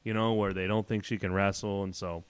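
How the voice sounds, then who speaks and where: A man co-hosting a podcast, arguing his points in animated, casual chat. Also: on the low side, clear, resonant tone. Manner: animated and argumentative, drawn-out casual filler. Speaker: podcast co-host.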